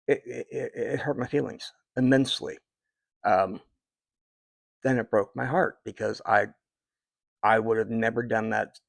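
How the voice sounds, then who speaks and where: Gravelly-voiced man in his fifties. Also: medium pitch, fairly even intonation, unhurried, pauses often, dry recording. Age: 50s. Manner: rambling and heartfelt, with many fillers and restarts. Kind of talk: casual personal talk to viewers.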